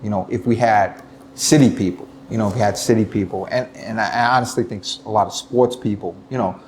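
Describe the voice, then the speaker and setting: A middle-aged man, a retired police lieutenant telling stories in an interview, animated and full of restarts. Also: lowish voice, fairly quick, a little hiss or hum. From United States. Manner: animated storytelling, many restarts, acts out quoted voices. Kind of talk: casual interview talk.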